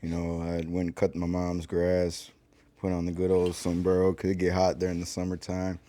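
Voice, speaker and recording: A man in his twenties co-hosting a casual podcast, telling a story in a relaxed, drawling way with plenty of casual slang. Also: deep voice, normal speed. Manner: laid-back, drawling, says man a lot. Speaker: podcast co-host.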